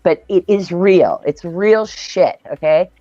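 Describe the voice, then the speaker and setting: A woman's voice: on the low side, slow, dark tone, slight background noise. A woman hosting a casual spiritual chat over a video call, telling stories intensely and emphatically and swearing freely. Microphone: video call mic. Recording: dull lo-fi dry audio.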